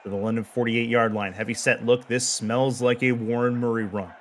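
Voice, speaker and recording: A man calling play-by-play for a virtual football broadcast, steady between plays and rising to excited shouts on big moments. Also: mid-range voice, fairly quick, slight background noise. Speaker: play-by-play commentator. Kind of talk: live sports play-by-play.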